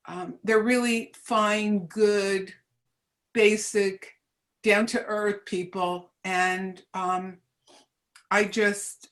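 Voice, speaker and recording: Slow, hesitant older woman. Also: medium pitch, fairly bright tone. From New Jersey, US. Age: 70s. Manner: hesitant, many ums and restarts. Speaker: guest. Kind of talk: casual reminiscing chat.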